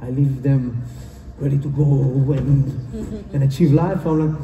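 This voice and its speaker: A conference speaker's motivational talk echoes through a roomy hall, picked up from far away on lo-fi equipment. Speaking slowly with hardly any pauses, he has a medium-pitched, dark voice, and his delivery is earnest, repetitive, and non-native in phrasing.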